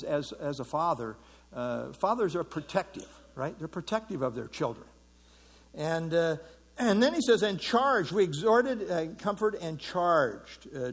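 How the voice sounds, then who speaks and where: A middle-aged man teaching a Bible passage in a relaxed, conversational way, with many fillers and restarts. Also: a little high, husky. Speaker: pastor teaching a Bible study.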